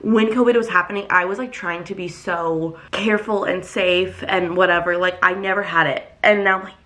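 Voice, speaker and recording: A woman's voice: lowish voice, moderate pace. A woman in her twenties, congested and sick, ranting in a casual vlog with lots of filler words. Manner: animated, ranting, filler-heavy. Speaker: vlogger. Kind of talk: casual vlog talk to camera.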